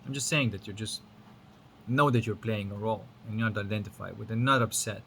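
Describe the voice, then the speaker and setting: A Lithuanian spiritual teacher gives a rambling, frank talk, swearing casually, in English with an accent that blends Lithuanian, American and British sounds. His fairly quick voice sits on the low side, creaky, bright and forceful, with fairly even intonation. There's a little hiss or hum in the recording.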